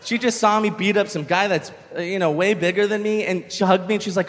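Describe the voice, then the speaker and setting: A young man doing a stand-up comedy set, telling a story with animated delivery and shouted punchlines. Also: sits high, fast talker, big-room sound. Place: comedy stage with live audience.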